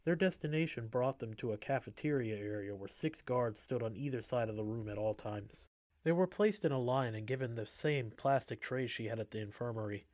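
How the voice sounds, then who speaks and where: A man reading a story aloud in a steady, measured way. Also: medium pitch, dry recording.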